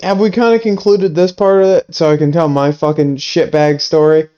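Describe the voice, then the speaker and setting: An impatient man pushes to tell his own story and swears freely. His voice sits somewhat high and sounds dull through a lo-fi mic. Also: flat delivery, normal speed, warm tone. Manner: impatient, profane. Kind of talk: casual banter.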